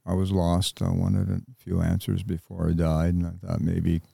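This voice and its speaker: Deep gravelly older man, halting. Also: flat delivery, warm tone, no echo, studio quality. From United States. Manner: halting, reflective, with many pauses. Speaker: interview guest, Vietnam veteran. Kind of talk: reflective interview talk.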